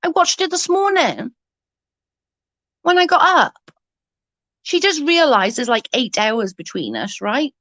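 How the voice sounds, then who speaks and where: A woman's voice: high-pitched, sing-song, unhurried, pauses often, a bit bright, dry recording. A young adult woman ranting heatedly in casual chat, swearing often and restarting her sentences. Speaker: livestream guest.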